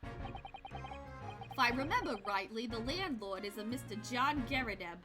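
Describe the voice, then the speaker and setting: A woman's voice: on the high side, sing-song, unhurried, over music. A woman voicing a brusque, self-important middle-aged male police inspector with a put-on British accent. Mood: blustering.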